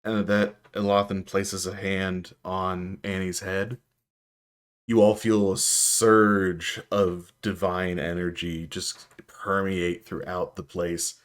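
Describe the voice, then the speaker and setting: A man narrating as game master of a tabletop game, in a calm, measured way. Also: deep voice.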